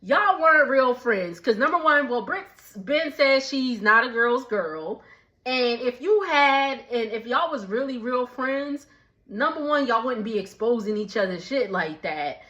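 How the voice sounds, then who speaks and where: A woman with a slightly high voice recaps a TV episode in a relaxed, unhurried way. She chats casually and breaks into laughter often between remarks. The audio sounds a little dull and muffled. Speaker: recap vlogger.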